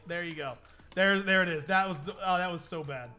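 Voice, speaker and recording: A young man hosting a livestream, chatting casually in an excitable, rambling way. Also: sits high, a little fast, faint music behind. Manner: excitable, rambling, laughs often. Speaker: livestream host. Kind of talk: casual stream chat.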